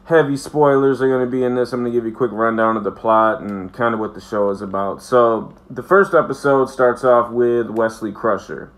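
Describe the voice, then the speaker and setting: A man's voice: medium pitch, fairly even intonation, brisk, few pauses. Profane, rambling man recapping a show. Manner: rambling, profane, lots of fillers. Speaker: video reviewer.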